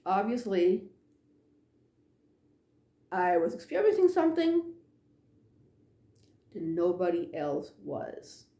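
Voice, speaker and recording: A woman telling a ghost story in a casual, animated way, acting out the dialogue and sometimes dropping to a hush. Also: fairly low pitch, takes it slowly, pauses often, reverberant. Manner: animated, acts out dialogue, drops to hushed tones.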